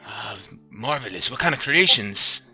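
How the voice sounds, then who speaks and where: A man's voice: medium pitch, expressive, a little slow, pushed and bright, faint music behind. A man voicing a hooded, bearded, pipe-smoking man who speaks in a dry, matter-of-fact way. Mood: curious.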